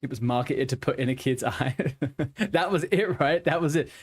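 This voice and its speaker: A man's voice: mid-range voice, moderate pace, slightly rough. A young man streaming a game, chatting casually with viewers in a joking, rambling way. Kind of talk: casual chat while gaming.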